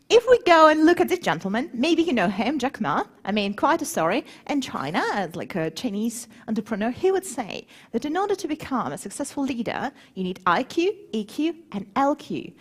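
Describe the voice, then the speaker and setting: A woman speaking to a live audience in a planetarium, lively and animated, putting questions to the crowd as she goes. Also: on the high side, normal speed, slightly rough. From grew up between Moscow and Warsaw. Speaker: conference speaker.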